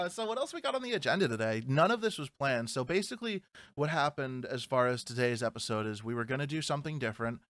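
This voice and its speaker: A man's voice: mid-range voice, expressive, fast talker, fairly bright tone, dry recording, studio quality. A man from New Jersey with a New Jersey accent, co-hosting a podcast in casual chat, loose and swearing. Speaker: podcast co-host.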